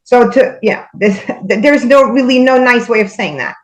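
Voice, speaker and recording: A woman guest recounting spiritual experiences in casual conversation, hesitant with many fillers and pauses. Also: a little high, low-quality recording.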